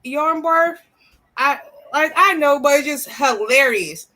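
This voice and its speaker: A woman's voice: high voice, slow pace, sharp tone. A woman in a casual live-stream chat, laughing hard and exclaiming as she talks. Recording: camera switched off, voice only.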